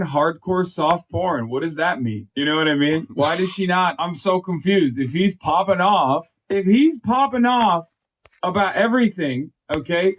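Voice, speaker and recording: A man co-hosting a casual reaction chat, wry and bemused, tossing out jokes. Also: fairly high pitch.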